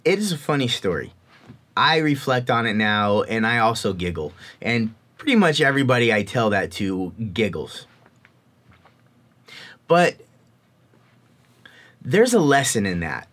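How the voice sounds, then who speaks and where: Animated, slow-speaking male storyteller. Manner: animated, expressive storytelling with swings in pitch. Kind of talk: personal storytelling talk.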